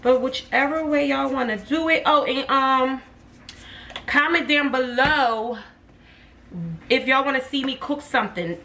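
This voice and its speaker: With a high, sharp-toned voice, a woman speaks unhurriedly and pauses often during her casual cooking vlog. She cooks in her home kitchen, chatting with viewers she calls "y'all," recorded on a set-back phone camera that picks up background noise.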